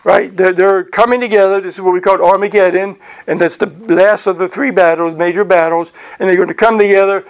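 A middle-aged pastor teaches a sermon conversationally, dropping in frequent "right?" asides and reading scripture aloud slowly. His voice is high, smooth and fairly even in intonation.

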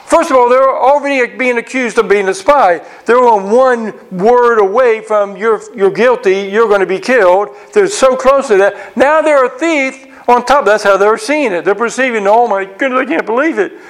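Bible teacher, man, high voice, lively verse-by-verse teaching with quick restarts. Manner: animated, acts out characters' reactions; frequent restarts and repeated words.

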